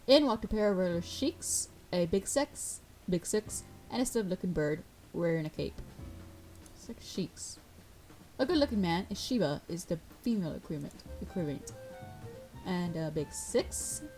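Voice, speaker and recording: A woman's voice: lowish voice, animated, moderate pace, darkish tone, soft background music. Woman reading a game aloud. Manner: reads all the parts, breaking off for casual asides. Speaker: gamer reading a visual novel aloud.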